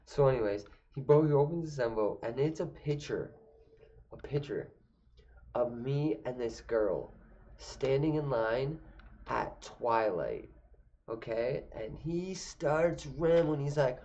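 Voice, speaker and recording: A man's voice: medium pitch, animated, takes it slowly, warm tone. A young man telling a funny personal story casually, rambling and cursing. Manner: rambling, profane, lots of fillers and restarts. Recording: dull lo-fi recording.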